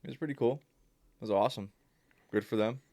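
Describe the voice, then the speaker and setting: A man's voice: mid-range voice, fast, dark tone, dry recording, clean studio sound. A young man co-hosting a casual sports podcast in a laid-back, offhand way, with plenty of fillers. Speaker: podcast co-host.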